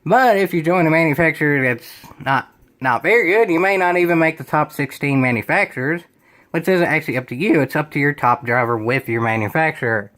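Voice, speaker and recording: A man's voice: on the high side, fairly quick, a bit bright. A young man reading a web page aloud and commenting on it in a sarcastic, exasperated, rambling way. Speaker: gaming video creator.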